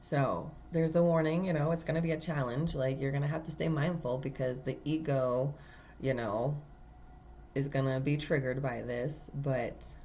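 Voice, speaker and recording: Low-voiced woman, earnest spiritual talk. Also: steady tone, moderate pace, dark tone, a little hiss or hum. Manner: earnest, emphatic storytelling with many fillers. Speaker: tarot reader. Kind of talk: casual spiritual monologue.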